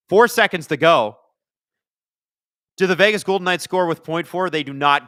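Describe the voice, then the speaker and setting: A man hosts a live hockey watchalong, rambling through stories and chatting with his viewers, then snapping back to call the plays. His voice is bright and forceful, recorded close and dry with no room sound. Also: high-pitched, normal speed, pauses often, clean tone, dry recording. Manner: rambling, chatty, jumps from storytelling to excited play calls. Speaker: livestream watchalong host.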